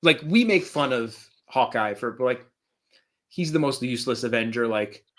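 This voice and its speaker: A man co-hosting a casual chat show, excitable and quick to laugh. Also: mid-range voice. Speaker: co-host.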